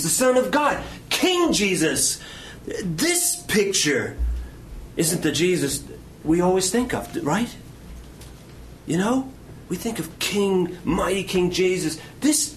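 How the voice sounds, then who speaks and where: A man delivering an impassioned sermon. His voice sits high and swings widely in pitch, rising on emphatic lines and dropping to hushed near-whispers. A faint room ambience hangs behind him. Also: sing-song, measured pace, slight background noise. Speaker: pastor.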